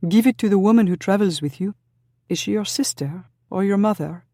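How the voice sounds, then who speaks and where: Reader doing a young noblewoman, throaty, soft, forward, dry storybook recording. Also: fairly low pitch, moderate pace, no room sound, voice pushed up, lightly acted. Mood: urgent.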